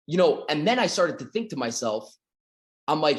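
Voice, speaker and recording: A man's voice: on the high side, moderate pace, echoey room. A man from Canada giving a motivational sales talk, acting out little dialogues and swearing casually. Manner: animated storytelling, acts out dialogues, swears casually. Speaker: sales coach. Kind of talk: motivational talk to an online audience.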